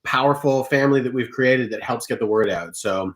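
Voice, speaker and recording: A man's voice: medium pitch, a little fast, a bit bright. A man co-hosting a casual livestream, joking and swearing in a loose, laid-back way. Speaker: bandmate co-hosting.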